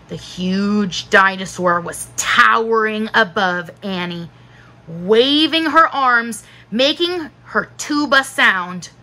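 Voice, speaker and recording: A woman teacher narrating a children's book aloud in a slow, expressive storytelling manner. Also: medium pitch, rough recording.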